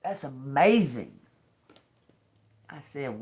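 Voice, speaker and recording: A woman's voice: rumbling low, expressive, measured pace. A woman giving a casual livestream tarot reading to her viewers, chatty, laughing often and swearing freely. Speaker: tarot reader.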